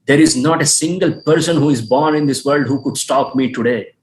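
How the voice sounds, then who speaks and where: A man's voice: medium pitch, brisk, roomy sound, slight background noise, lightly acted. A man voicing a proud, defiant young warrior prince who fires off indignant questions. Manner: indignant, challenging rhetorical questions.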